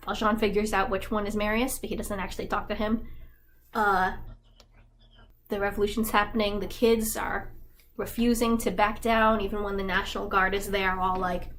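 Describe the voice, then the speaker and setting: A woman's voice: medium pitch, flat delivery, moderate pace, fairly bright tone, slight background noise. Chatty woman, irreverent plot summary. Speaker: YouTube creator. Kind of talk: casual story summary.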